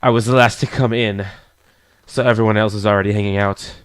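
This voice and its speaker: A man hosting a game channel, reading through a visual novel in a casual, jokey way, with a hoarse voice. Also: lowish voice, steady tone, a little fast, no echo. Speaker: gaming channel host. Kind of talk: visual novel let's play narration.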